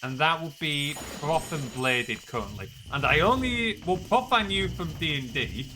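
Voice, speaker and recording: A man's voice: on the high side, animated, normal speed, noisy background. A young man with a Yorkshire accent, chatting casually and giggling self-deprecatingly with viewers during a game live-stream. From northern England. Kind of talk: casual live-stream chat while gaming. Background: game music.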